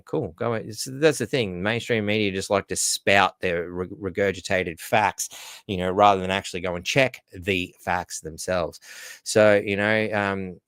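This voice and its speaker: A man's voice: lowish voice, a bit bright, clean tone, no echo. An Australian man hosting a solo news commentary, talking sarcastically with many asides and fillers. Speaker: host.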